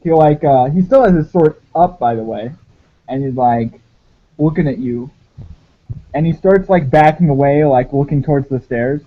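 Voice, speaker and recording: A man's voice: on the high side, moderate pace. A young man running a tabletop game as game master, narrating with many hesitant "like"s and restarts. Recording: dull lo-fi audio.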